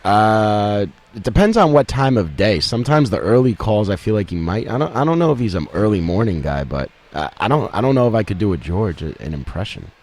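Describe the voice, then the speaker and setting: A man's voice: on the low side, sing-song, fairly quick, hardly any pauses, a little mellow. A man who produces a radio show, chiming in with casual chat in a hesitant, self-conscious way.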